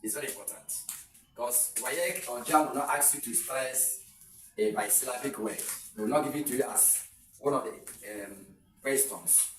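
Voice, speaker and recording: A man's voice: mid-range voice, normal speed, a bit bright, far from the mic, soft background music. A man teaching an exam-prep English lesson, saying words over with shifted stress and giving example sentences. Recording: echoey room, voice away from the mic.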